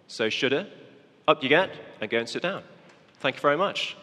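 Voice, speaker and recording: A man's voice: a little high, very animated, normal speed, sharp tone, big-room sound. A man preaching a children's talk, coaxing young volunteers through a parable they act out on stage. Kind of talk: sermon with volunteers acting a parable.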